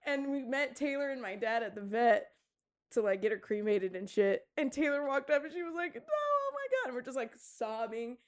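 A young woman with a high, bright-pitched voice tells a story in loose podcast banter. She rambles, stacks up "like" and swears casually. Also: normal speed. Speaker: podcast co-host. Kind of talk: casual chat.

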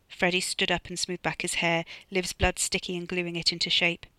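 An author narrates their own dark comic thriller in a measured, steady way. The tone is bright and forceful, and the recording is dry and close with no room sound. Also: mid-range voice, clear, resonant tone, no room sound. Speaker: author reading own novella. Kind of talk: audiobook narration.

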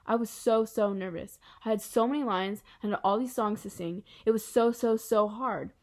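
An eager, talkative schoolgirl, as a woman reading aloud puts her on, gushing and emphatic, keen to be helpful. Her lines lean slightly brighter and louder than the narration around them. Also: mid-range voice, moderate pace, natural voice. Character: chatty, bubbly schoolgirl, eager to please. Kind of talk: audiobook character reading.

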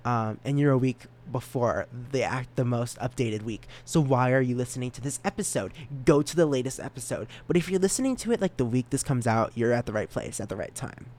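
A man's voice: mid-range voice, expressive, brisk, hardly any pauses, a little mellow. A young man hosting a solo podcast, rambling and giggling at himself, with a stutter. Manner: rambling, giggly, self-mocking. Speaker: podcast host.

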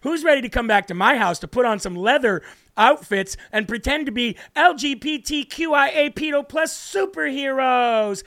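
A man's voice: very high voice, moderate pace, a bit bright, dry recording, voice pushed up. A man putting on a sneering, exaggerated parody voice of a male teacher. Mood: mocking. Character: mocking caricature of a male teacher.

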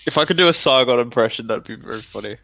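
A man's voice: mid-range voice, lively intonation, quick pace, gravelly, bright, forceful tone, no room sound, rough recording. Crude teasing podcast guy, dry close sound. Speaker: podcast host. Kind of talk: casual podcast banter.

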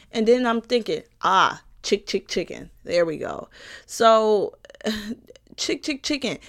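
A woman's voice: on the high side, fairly bright tone, clean tone. A young woman giving an emphatic, satirical personal monologue, repeating lines for punch and swearing freely. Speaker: comedic commentator.

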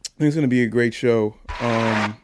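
A man hosting a casual podcast with friends, tired and burnt out but still hyping his friends up in animated introductions. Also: medium pitch, normal speed, noisy background. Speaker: podcast host.

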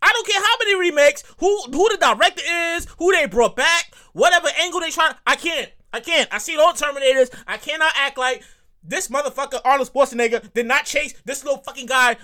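A man hosting his own podcast in a casual, comedic monologue, repeating himself, swearing freely and breaking into high squeals of delight. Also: a little fast. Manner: animated, repetitive, profane, bursts into high squeals. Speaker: podcast host.

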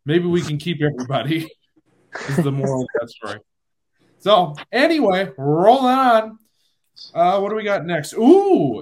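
A man hosting a casual sports podcast, animated and quick to laugh at himself. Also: medium pitch. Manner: animated, laughing, self-deprecating. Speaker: podcast host.

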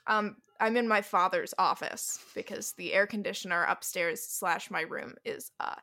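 Casting: woman podcast co-host with a bright voice, frank and teasing, talking casually from a home office. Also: mid-range voice, normal speed. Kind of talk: casual chat.

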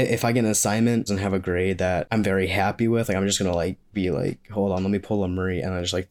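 A man's voice: on the low side, darkish tone. A young man talking in a casual question-and-answer vlog, rambling and joking with frequent laughs. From Maine, US. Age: young adult. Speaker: vlogger.

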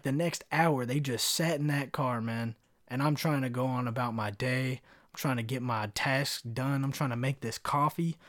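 A man's voice: mid-range voice, dry recording, studio quality. Profane, rambling man telling stories. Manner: profane, rambling, animated retelling. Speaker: podcast host. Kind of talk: casual storytelling monologue.

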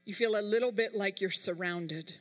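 A woman preacher delivers a sermon emphatically, speaking straight to her congregation. Her mid-range voice moves at normal speed, and the sound suggests a big room.

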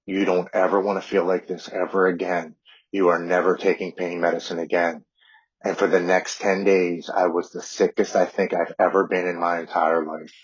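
Husky man telling his recovery story. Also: low-pitched, little pitch movement, normal speed. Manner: earnest, repeating words as he talks. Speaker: podcast guest. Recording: dull lo-fi audio.

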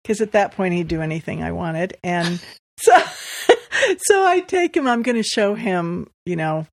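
A woman's voice: lowish voice, unhurried, no room sound, studio quality. A woman from Southern California, a podcast guest, telling personal stories with frequent laughter. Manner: lively, laughs often while telling stories. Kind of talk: storytelling in conversation.

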